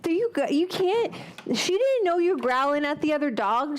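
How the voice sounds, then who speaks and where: A woman's voice: high voice, sing-song, normal speed. A woman hosting a cooking live stream from a home kitchen, talking in a loose, rambling, chatty way with casual swearing and drifting off onto tangents.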